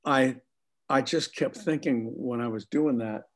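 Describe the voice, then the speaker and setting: A man being interviewed, telling animated, profane stories about his acting work with plenty of laughter. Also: medium pitch, measured pace. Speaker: actor guest. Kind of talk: casual anecdotal storytelling.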